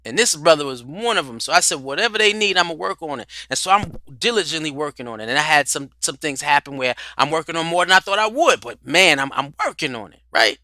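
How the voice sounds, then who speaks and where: Man, talk-show host, preacherly, bright voice, dry close mic, a bit high-pitched. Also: animated, fast talker, hardly any pauses, no room sound. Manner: preacherly, rhetorical questions, repeats words, swings from loud to quiet. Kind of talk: livestream talk on spirituality and culture.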